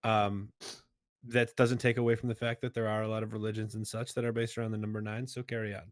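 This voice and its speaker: A man's voice: fairly low pitch, little pitch movement, fast, no echo, clean studio sound. A man co-hosting a casual podcast, talking loosely with lots of "like" and "you know" and laughing along. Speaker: podcast co-host. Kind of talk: casual chat.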